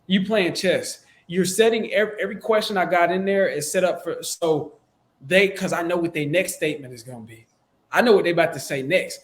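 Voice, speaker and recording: A man from the States, coaching in a relaxed, slangy, conversational way on a close microphone. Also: a little high. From Southern United States. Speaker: sales coach. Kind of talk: casual instructional talk.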